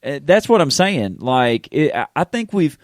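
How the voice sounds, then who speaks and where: A man, a pastor co-hosting a casual faith podcast, talking in a rambling, animated way with many restarts. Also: on the high side, normal speed, dry recording, studio quality. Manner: animated, rambling, self-interrupting with fillers.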